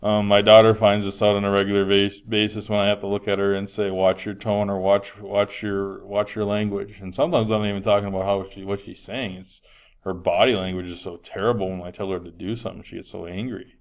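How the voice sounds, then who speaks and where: Male teacher, lower register, resonant, chatty lecture style. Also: level tone, quick pace. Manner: conversational, frequent um fillers, projecting voice. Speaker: health teacher. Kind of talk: classroom lecture.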